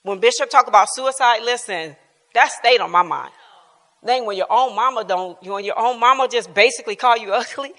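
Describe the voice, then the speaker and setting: A woman in her fifties teaches a church Bible class with a bright, sharp-edged voice. She tells personal family stories earnestly and informally, laughing often. Her voice carries a long reverb from the church hall. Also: on the high side, fairly quick. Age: 50s.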